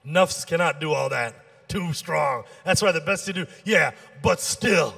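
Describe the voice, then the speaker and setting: Animated high-voiced man doing stand-up. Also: a little slow, gravelly. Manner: animated storytelling, acting out dialogue with shifts in pitch. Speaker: stand-up comedian and emcee. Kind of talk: stand-up comedy set.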